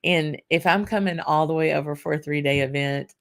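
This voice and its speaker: A woman from Louisiana hosts her own whisky vlog, chatting casually with lots of fillers and restarts. She sounds tired and slightly hoarse, with a low-pitched, steady tone at a fairly quick pace.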